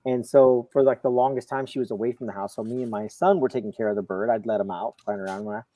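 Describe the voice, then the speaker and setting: A middle-aged man on a video call, a comics show panelist, telling a long personal story in casual chat with lively quoting. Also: mid-range voice, fast, rough recording. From Florida, USA. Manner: storytelling, animated, quotes others.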